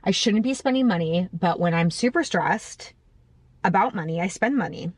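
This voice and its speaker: A woman's voice: lowish voice, animated, moderate pace, dry recording. Woman in her 30s rambling to her phone cam in the car, lots of ums, teasing herself, dry sound. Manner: chatty, self-mocking, rambling with fillers. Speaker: vlogger. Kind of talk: casual vlog chat to camera. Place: car, parked.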